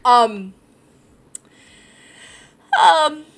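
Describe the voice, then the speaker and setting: A woman running a tabletop role-playing game, narrating scenes in a giggly, halting way with many fillers. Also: fairly high pitch, animated, gravelly. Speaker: game master.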